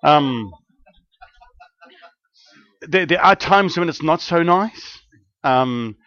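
Animated man telling a story, lo-fi. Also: on the high side, drawn-out words. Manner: animated, rambling, many restarts, laughs while telling. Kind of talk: testimony storytelling. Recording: dull, dry lo-fi recording.

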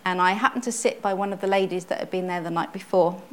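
A woman's voice: fairly low pitch, steady tone, fast, a little hiss or hum. A middle-aged woman giving a personal testimony sermon at church, earnest and conversational, often restarting her phrases. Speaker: church speaker, pastor's wife.

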